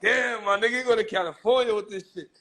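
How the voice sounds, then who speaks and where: A man's voice: high-pitched, fast talker, creaky, noisy background. A man chatting on a casual livestream, rowdy and swearing, often breaking into laughter.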